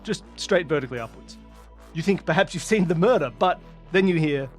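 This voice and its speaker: A man narrating a mystery game as game master, describing scenes in a lively, playful way. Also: on the high side, brisk, faint music behind.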